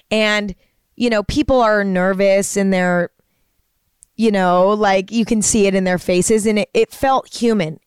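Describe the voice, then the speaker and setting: A woman's voice: mid-range voice, clear, resonant tone, no room sound, clean studio sound. A woman hosting a podcast, talking in a casual, earnest and rambling way, full of fillers and restarts. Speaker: podcast host. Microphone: studio microphone.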